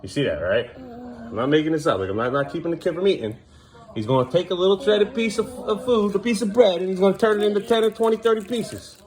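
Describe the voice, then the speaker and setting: Lively-voiced man vlogging at home. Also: high-pitched, fast talker. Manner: coaxing, talks to kids and camera. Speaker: parent vlogger. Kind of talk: casual home vlog. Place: family home kitchen.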